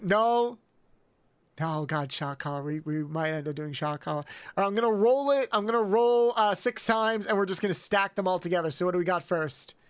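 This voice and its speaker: An excitable male streamer talking to his chat at an unhurried pace. He swears freely and breaks into high yelps. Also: smooth. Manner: excitable, swearing, yelping outbursts. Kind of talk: live game stream chat.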